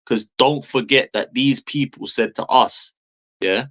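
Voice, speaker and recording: A man in his thirties rants as a football fan streamer, swearing freely and repeating lines for emphasis. His voice sits at an ordinary middle pitch, and his tone stays exasperated and blunt throughout. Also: unhurried, fairly bright tone. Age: 30s. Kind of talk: angry fan rant.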